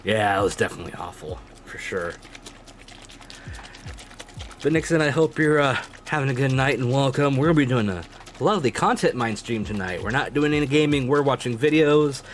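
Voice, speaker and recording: A man's voice: medium pitch, animated, fairly quick, soft background music. A man streaming live, chatting casually with his viewers, swearing freely and laughing often.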